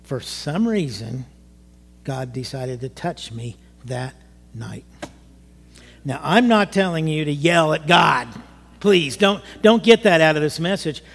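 A man's voice: on the high side, animated, takes it slowly, vocal fry, a bit bright, faint music behind. A man in his sixties, a pastor preaching a sermon and telling a personal testimony, talking conversationally, asking the congregation questions and rising into emotional outbursts. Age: 60s. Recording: long hall reverb.

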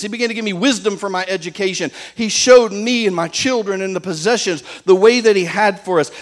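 A preacher with a high male voice delivers an emphatic sermon. He keeps firing rhetorical questions at the congregation and slows down to hammer home the lines that matter. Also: fairly bright tone.

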